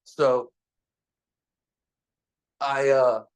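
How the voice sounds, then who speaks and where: A man's voice: medium pitch, level tone, very slow, clear, resonant tone. A young man casually telling a personal story, rambling with frequent fillers and heavy swearing.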